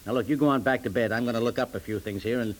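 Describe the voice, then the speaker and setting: An actor playing a fussy, easily flustered middle-aged husband in a 1950s radio comedy, sputtering and indignant. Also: male voice, mid-range voice, racing, lightly acted, low-quality recording.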